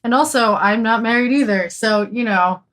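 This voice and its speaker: A woman's voice: a little high, normal speed, fairly bright tone. A woman guest on a casual podcast, a content marketer who talks in a bubbly way and laughs easily.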